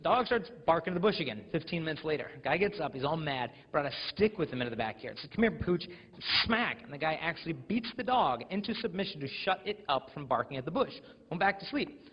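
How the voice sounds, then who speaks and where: A young American man giving a lively storytelling talk to teenagers in a school auditorium. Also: fairly high pitch, fast talker, breathy edge. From United States. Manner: animated storytelling, mimics voices. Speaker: school speaker. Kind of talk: live motivational talk to teens. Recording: echoey hall, dull lo-fi sound.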